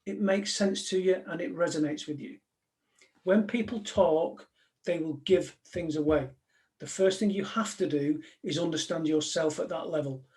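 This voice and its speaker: A man's voice: on the high side, normal speed, darkish tone. A man, a former police negotiator, giving a live talk to an audience in a direct, conversational way, full of anecdotes.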